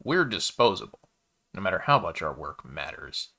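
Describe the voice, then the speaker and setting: A man's voice: low voice, very animated, normal speed, creaky, bright, forceful tone, slightly rough, exaggerated voice. A man voicing a chatty, easygoing male alien baker in a sci-fi story, with a laid-back, folksy manner. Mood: urgent. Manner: laid-back, folksy, calls the listener kid.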